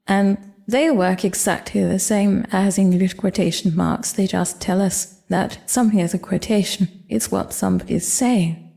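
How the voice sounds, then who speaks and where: Woman, online language teacher, dark gravelly tone, patient explainer. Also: medium pitch. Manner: clear, measured explaining with examples. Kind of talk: explanatory lesson.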